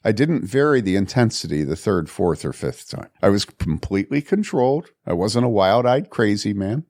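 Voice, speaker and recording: A man's voice: lowish voice, gravelly, a little mellow, no room sound, clean studio sound. An older man, a pastor, telling a personal story in a podcast discussion, emphatic and repeating words for weight.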